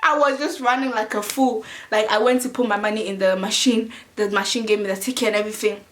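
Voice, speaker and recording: A young adult woman telling a story in a casual vlog, chatty and animated, with many "like" fillers. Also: a little high, fast, a little hiss or hum. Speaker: vlogger.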